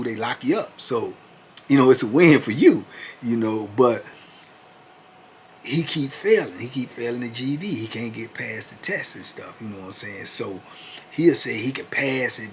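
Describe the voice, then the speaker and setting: A man's voice: lowish voice, creaky, slight background noise. A man in his fifties telling a story in a laid-back, conversational way, full of "you know what I'm saying". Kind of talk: casual storytelling.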